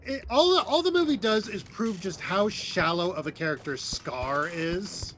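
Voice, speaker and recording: A man's voice: sits high, moderate pace, slight background noise. A man co-hosting a gaming stream, chatting casually and retelling scenes with quoted lines. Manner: animated storyteller, quotes lines. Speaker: streamer co-host. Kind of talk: casual chat while gaming.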